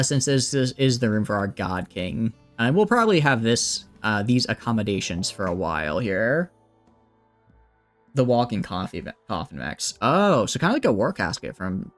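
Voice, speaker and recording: Lively chatty male game streamer. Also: medium pitch. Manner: chatty, thinks aloud, greets chat. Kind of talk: casual gameplay commentary.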